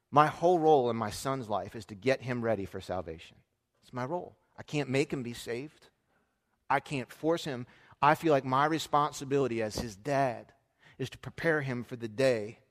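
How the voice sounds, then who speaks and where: A man in his thirties preaching a sermon, telling a family story in a conversational way that swings from hushed asides to loud emphasis. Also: mid-range voice. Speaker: pastor. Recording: long hall reverb.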